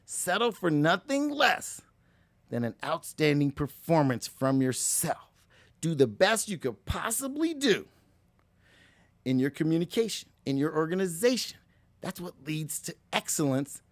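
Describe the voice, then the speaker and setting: A man hosting a motivational talk, energetic and preachy, who keeps addressing listeners as ladies and gentlemen. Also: fairly high pitch, measured pace, no room sound. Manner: energetic, preachy, slips into mock voices. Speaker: motivational show host.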